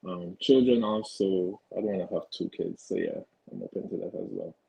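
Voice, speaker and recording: A man's voice: low voice, wildly swooping pitch, brisk, gravelly, mellow, husky, no room sound, poor audio. A man answering dating questions on a video call in brief, hesitant replies full of fillers. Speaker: guest single. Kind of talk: interview answers.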